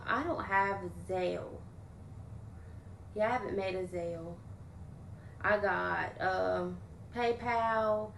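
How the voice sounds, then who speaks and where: A woman's voice: medium pitch, creaky, a bit bright, slight background noise. A young adult woman livestreaming, chatting casually and venting bluntly while she swears freely and thanks viewers. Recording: roomy echo.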